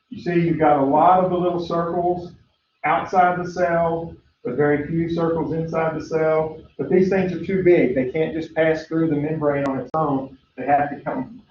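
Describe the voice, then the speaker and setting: A man with a somewhat high voice gives a chatty lecture, full of "uh" fillers and easy asides. The sound is roomy and echoey, with a dull lo-fi quality and a faint hiss behind it. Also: far from the mic. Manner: chatty, lots of "uh" fillers, acts out story voices. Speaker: teacher. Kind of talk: recorded biology lecture.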